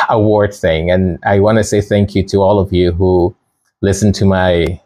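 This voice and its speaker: A middle-aged man from Canada hosting his own channel in a relaxed, rambling monologue. His voice sits fairly low, and he laughs often and restarts his sentences as he talks. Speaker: channel host. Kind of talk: casual commentary monologue.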